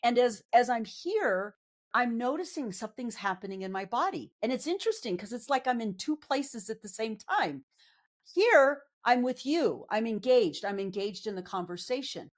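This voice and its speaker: In an on-camera interview, a woman psychologist and life coach talks conversationally at a moderate pace in an animated voice that sits on the high side. She comes across as earnest and candid, with a reassuring manner of explaining.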